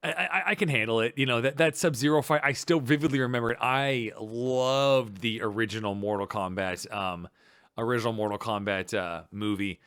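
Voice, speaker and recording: A man co-hosting a casual podcast chat, rambling with many restarts and bursts of excitement. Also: medium pitch, normal speed, smooth, no room sound, studio quality. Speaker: podcast co-host.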